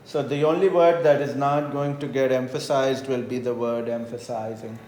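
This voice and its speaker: A man teaching a screen-recorded coding tutorial, explaining each step slowly and checking in with the listener. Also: mid-range voice, fairly even intonation, darkish tone, a little hiss or hum. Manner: unhurried, explains step by step with frequent "right?" checks. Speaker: math teacher. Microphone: voice-over on tablet whiteboard recording.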